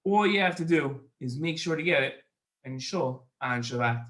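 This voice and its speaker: A man's voice: on the high side, expressive, moderate pace, fairly bright tone. A man hosting a children's educational show, upbeat and enthusiastic, repeating phrases for young viewers while recording on his own. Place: alone in a recording space.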